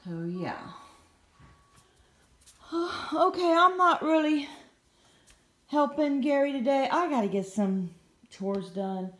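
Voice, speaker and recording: In a dry recording, a middle-aged woman with a Southern accent vlogs her day from home, chatting casually and rambling. Her voice is high-pitched and animated, her pace measured, and she pokes fun at herself along the way.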